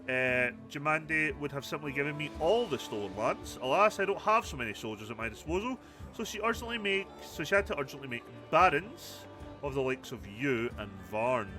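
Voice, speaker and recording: A man voicing a smug, arrogant male baron in a game, reading his lines with a haughty, offhand tone. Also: on the high side.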